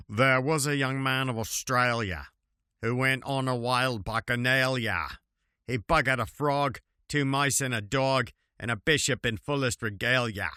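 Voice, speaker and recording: Male reader, slow unhurried delivery, wry chuckling asides, dry close home recording. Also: medium pitch, bright, forceful tone, smooth, no room sound. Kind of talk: reading limericks aloud with asides. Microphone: home recording setup.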